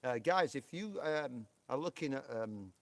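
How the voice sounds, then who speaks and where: A man with a Yorkshire English accent talks through a live stream in a loose, rambling way. He fills his sentences with ums and restarts. His voice sits at a middling pitch and sounds dry and close, with no room around it. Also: animated, unhurried, no echo. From England. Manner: rambling, chatty, full of fillers and restarts.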